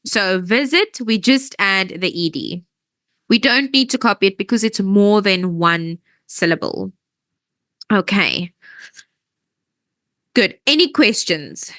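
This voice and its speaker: Animated, slow-spoken woman teaching grammar. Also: medium pitch, no room sound. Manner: patient, explains step by step, checks understanding often. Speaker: English teacher. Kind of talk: online grammar lesson.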